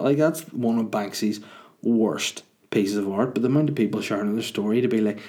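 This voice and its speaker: A man talks in a loose, rambling monologue. He rants and swears freely in a lowish, warm, mellow voice. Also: normal speed. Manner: chatty, ranting, swears freely.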